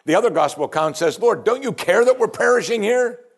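A man preaching a sermon, reading scripture aloud and asking pointed questions, often dropping to a hushed voice on key points. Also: high-pitched, expressive, fairly quick.

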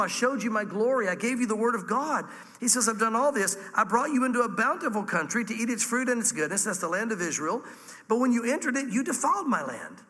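Fervent high-voiced preacher in a reverberant hall. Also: male voice, sharp tone. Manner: fervent, emphatic preaching with sudden pitch jumps and drops. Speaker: pastor. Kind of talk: sermon.

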